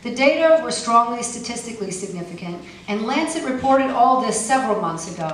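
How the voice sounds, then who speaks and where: A woman's voice: fairly high pitch, lively intonation, brisk, slight background noise. Woman reading poems in a very echoey room. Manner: wry, pointed delivery with casual asides. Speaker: poet. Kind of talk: live poetry reading. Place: poetry festival venue. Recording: echoey room, mic far off, faint ambience.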